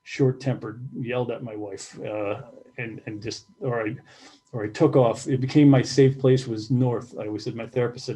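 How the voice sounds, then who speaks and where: A middle-aged man, a former fire captain, speaking candidly in an interview, halting and repeating words as he reflects. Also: mid-range voice, fairly even intonation, dark tone, poor audio. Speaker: retired fire captain, guest.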